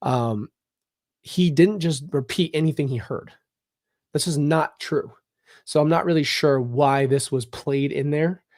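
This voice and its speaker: A man's voice: a little high, measured pace, a little mellow, no room sound, clean studio sound. A man hosting a casual commentary vlog, talking bluntly and emphatically with open frustration. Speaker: channel host.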